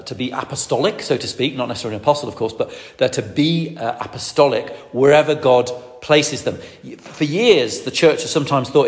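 A middle-aged man preaches at a middle pitch. He speaks emphatically, often repeating words and restarting phrases. His voice carries the long reverb of a large hall. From Lancashire, England. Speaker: preacher, ordained minister. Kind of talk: sermon.

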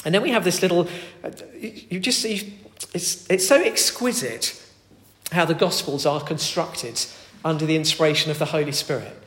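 A man preaching a sermon, earnest, moving between loud emphatic calls and soft, quiet pleading. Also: fairly high pitch, normal speed. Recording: echoey hall with long reverb.

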